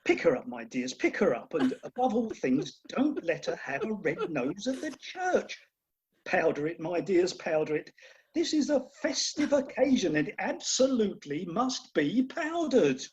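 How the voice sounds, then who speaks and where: A woman's voice: on the low side, big pitch swings, unhurried, a little mellow, a little hiss or hum. A woman playing a fretful, fussing middle-aged father of the bride in a radio play recorded over a video call. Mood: exasperated. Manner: fussing and exclaiming, theatrical. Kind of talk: Zoom radio play acting. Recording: muffled video-call audio.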